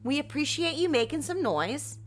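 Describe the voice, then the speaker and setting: A woman's voice: sits high, normal speed. A woman hosting a history show, telling the story casually and animatedly, swearing freely and acting out what people said. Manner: animated, swears casually, acts out quotes in funny voices. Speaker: host.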